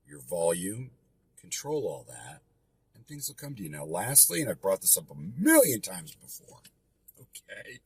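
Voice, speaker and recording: Husky low-voiced man coaching bluntly. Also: a little mellow. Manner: direct, emphatic, repeats key points. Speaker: real estate investing instructor. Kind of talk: coaching lesson.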